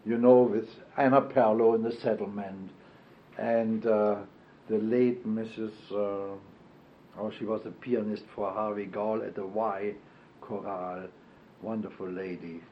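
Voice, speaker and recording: An older man recalling his past in an oral history interview, speaking haltingly with fillers and self-corrections. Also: on the low side, steady tone, slight background noise. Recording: dull lo-fi archival tape.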